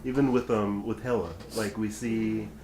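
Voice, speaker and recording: A man's voice: fairly low pitch, steady tone, normal speed, a little mellow, roomy sound, slight background noise, low-quality recording. A man co-hosting a casual podcast chat, musing loosely with plenty of fillers. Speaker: podcast co-host.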